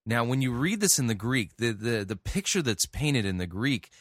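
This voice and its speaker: A man preaching a sermon, reading scripture aloud and then explaining it in an earnest, halting way with many restarts. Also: medium pitch, expressive, no room sound, studio quality. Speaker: pastor. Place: church.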